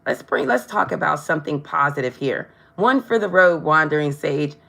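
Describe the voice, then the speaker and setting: Woman, tarot reader, live stream, low-pitched, talks to viewers, trips over words. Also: expressive, moderate pace, creaky, sharp tone. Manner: stumbles over words, tongue-tied; chatty, addresses viewers directly.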